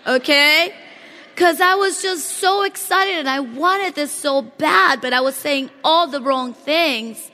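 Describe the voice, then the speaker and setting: A high-pitched woman delivers an excited motivational speech from a stage. She talks straight to the crowd and keeps asking them questions. Her voice rings out with a long reverb through a large hall. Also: slow. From Latin America. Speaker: motivational speaker at a company event.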